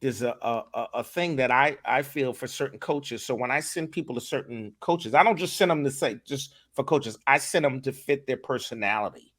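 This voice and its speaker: A man talking as a guest in a casual podcast interview, animated and emphatic, often repeating his words. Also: mid-range voice, moderate pace, hardly any pauses. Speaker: voice acting director, guest.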